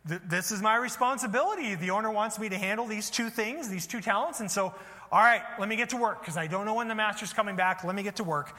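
A dutiful servant speaks in a calm, subdued way, as a preacher plays him. His voice sits high and bright. A long hall echo trails it. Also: quick pace. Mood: steady. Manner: calm, subdued, matter-of-fact. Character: calm, dutiful male ranch-hand servant.

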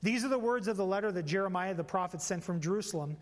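A man preaching in a church, his fairly high voice carrying a long hall reverb. He talks in a conversational, animated way, slipping into playful storytelling asides. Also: quick pace. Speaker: pastor. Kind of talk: sermon. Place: church sanctuary.

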